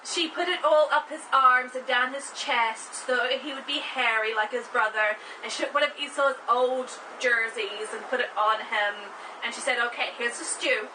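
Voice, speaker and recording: A woman hosting, retelling an old story in a casual, wry and animated way. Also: fairly high pitch, moderate pace, hardly any pauses, far from the mic, background noise. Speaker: host.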